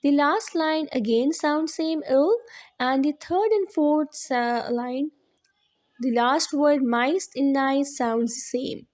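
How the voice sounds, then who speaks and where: A woman teacher explains a lesson at an unhurried pace. Her voice sits high and mellow, and she goes step by step, circling back to repeat her points. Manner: slow, explaining step by step with repetitions. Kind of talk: classroom lesson on limericks.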